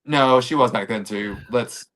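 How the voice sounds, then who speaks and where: A man's voice: mid-range voice, unhurried, fairly bright tone. A man co-hosting a podcast in casual chat, sassy and playful. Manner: sassy, playful, breaks into sound effects. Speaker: podcast co-host.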